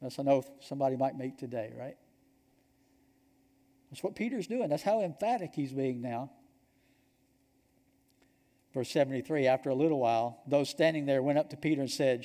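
A man with a Georgia accent preaching a sermon to his congregation, telling the story earnestly and dropping to a hush for key points. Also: mid-range voice, animated, moderate pace, long pauses. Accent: Georgia, US Southern. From Georgia, United States. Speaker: pastor. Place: church sanctuary. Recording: long reverb of a large hall.

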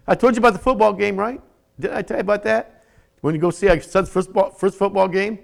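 An older pastor with a high, creaky voice talks fast through his sermon. He shouts at some moments and nearly whispers at others, repeating words for emphasis.

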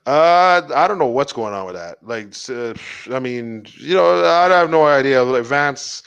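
A man's voice: medium pitch, lively intonation, moderate pace, gravelly, a bit bright, smooth. A man co-hosting a casual comedy chat, rambling and swearing, with lots of fillers and restarts. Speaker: podcast co-host.

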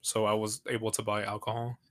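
A man in his late twenties from Texas, co-hosting a podcast and telling stories casually with halting restarts. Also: lowish voice, completely flat delivery. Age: 20s. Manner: rambling storyteller, halting restarts. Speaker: podcast co-host. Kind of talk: casual chat.

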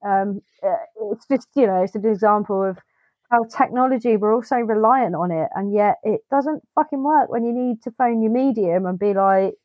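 A woman's voice: medium pitch, moderate pace. A woman talks through a film on a podcast in loose, casual chat, cursing freely and slipping into little acted-out quotes of her own reactions. Her voice comes through a dull, lo-fi line with a dry, close sound and no room echo. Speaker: podcast co-host.

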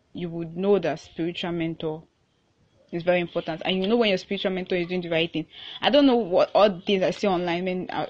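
This muffled recording features a young woman with a Nigerian accent hosting a casual podcast of her own. Her voice is on the low side, and her loose chat is full of restarts and laughter between thoughts.

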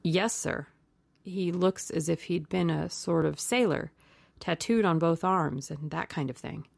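Woman doing a low quiet old gamekeeper, gravelly, all yes sir, plain and humble. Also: a little slow, dry recording, full character voice. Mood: deferential. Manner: respectful, subdued, plain-spoken. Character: older male gamekeeper, rough and deferential.

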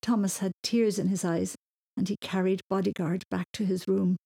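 A woman reading a children's story aloud in a gentle storytelling manner. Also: mid-range voice, steady tone, normal speed, creaky, slightly rough.

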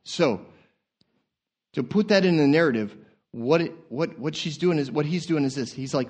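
A male pastor preaching in a church, animated and laughing, often repeating words as he goes. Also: a little high, moderate pace. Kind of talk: sermon. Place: church sanctuary.

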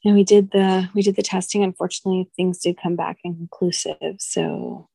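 Husky, gravelly woman telling a painful story. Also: lowish voice, steady tone, warm tone, dry recording. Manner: emotional, halting, restarts. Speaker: podcast guest, doula. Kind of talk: candid personal storytelling.

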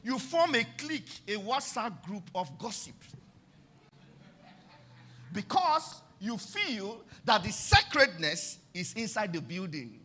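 A Nigerian pastor, a middle-aged man, preaching with a very high, bright voice that leaps all over the scale. He turns repeated lines into a sing-song chant and drops suddenly into hushed asides. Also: very animated, slow, husky. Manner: emphatic preaching with sudden swings between loud and soft, sing-song phrasing. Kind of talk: sermon.

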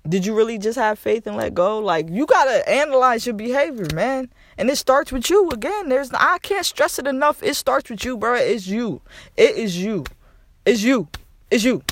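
A man's voice: high voice, a little hiss or hum. A young man hosting a podcast, giving a casual motivational talk and repeating phrases for emphasis with casual swearing. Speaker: podcast host.

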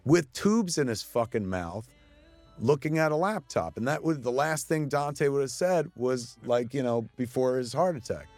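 A man talking through his own film in casual commentary, excitable and swearing often, restarting his sentences as he goes. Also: medium pitch, normal speed, no room sound, faint music behind. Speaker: filmmaker giving audio commentary.

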